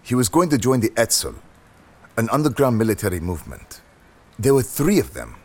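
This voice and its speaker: A man's voice: medium pitch, wildly swooping pitch, brisk. A man host casually explaining history and correcting himself as he goes.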